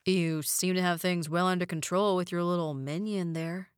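A woman voicing a sarcastic, sneering adult brother who drags out his words in a slow, mocking drawl. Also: on the low side, fairly even intonation, clean tone, dry recording, clean studio sound, lightly acted.

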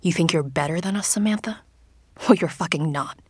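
A man's voice: fairly high pitch, a little fast, breathy edge, no room sound. Woman reading as a sneering young man. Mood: scornful. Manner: contemptuous, cutting.

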